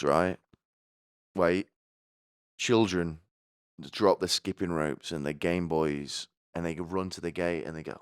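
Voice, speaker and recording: A man's voice: low-pitched, smooth, no echo, studio quality. A man hosting a podcast, telling rambling personal stories with crude jokes and asides. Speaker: podcast host. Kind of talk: comedic personal monologue.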